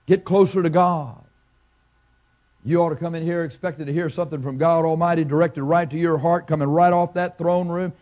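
An older man preaching a fervent sermon as pastor, building to loud emphatic peaks. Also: sits high.

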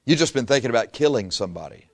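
A man preaching a sermon, acting out little scenes and swinging from loud outbursts to hushed asides. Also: mid-range voice, lively intonation, rapid-fire.

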